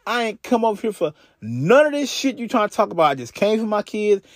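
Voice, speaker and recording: A man's voice: high-pitched, very animated, brisk, dry recording, clean studio sound. A man quoting an exasperated, weary father. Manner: exasperated, profane. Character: weary father fed up with an argument.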